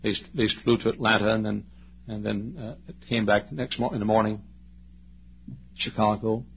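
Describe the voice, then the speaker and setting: A preacher in his late fifties with a husky voice tells a story from the pulpit, letting his voice rise high and loud before dropping to a hush. The recording is dull and lo-fi, like an old church tape. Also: steady tone, normal speed. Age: late 50s. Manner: dramatic storyteller, swings from loud to hushed. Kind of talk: storytelling sermon.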